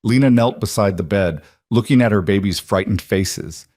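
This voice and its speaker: A male narrator reads a dramatic romance story in an even, storytelling way. His voice is on the low side. The sound is dry and close, with no room echo. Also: normal speed.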